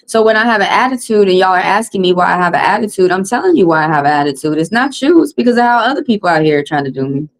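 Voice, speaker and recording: A woman's voice: mid-range voice, expressive, rapid-fire, hardly any pauses, rough recording. A woman with a Southern US accent, a tarot reader venting bluntly and heatedly to her livestream viewers on a phone mic, repeating her points.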